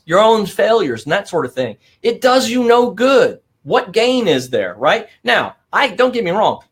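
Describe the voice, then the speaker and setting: A man's voice: on the high side, fairly bright tone, breathy edge. A middle-aged man hosting a motivational live stream, talking with energy, stressing points and often adding "right?".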